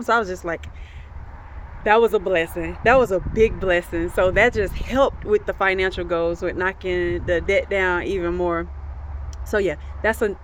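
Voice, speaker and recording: A woman's voice: on the low side, fairly even intonation, moderate pace, a little hiss or hum. Chatty woman telling a testimony. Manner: chatty storytelling that addresses viewers as y'all and laughs often. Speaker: vlogger sharing faith testimonies. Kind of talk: casual spoken testimony.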